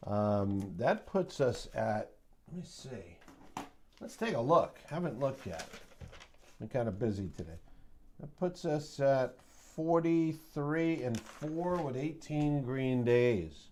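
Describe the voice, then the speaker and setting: Mellow-voiced man hosting a trading recap. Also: mid-range voice, animated, slow pace, slight background noise. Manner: chatty and joking, with sound-effect mimicry. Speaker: host of a trading recap show. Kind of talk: casual market recap monologue.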